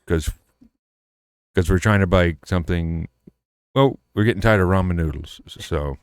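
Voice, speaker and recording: Very deep-voiced missouri guy, easygoing podcast banter, dry mic. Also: moderate pace, clean tone, no echo. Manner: laid-back, laughs along. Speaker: podcast co-host. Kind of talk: casual chat.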